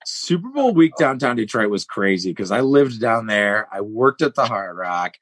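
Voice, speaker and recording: A man with a husky, slightly rough voice co-hosts a casual podcast, rambling through his thoughts and stories with lots of "like" and "you know." The sound is dry and close, with no room around it. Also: on the low side, sing-song, normal speed, fairly bright tone, dry recording. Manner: rambling, chatty storytelling with many fillers. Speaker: podcast co-host.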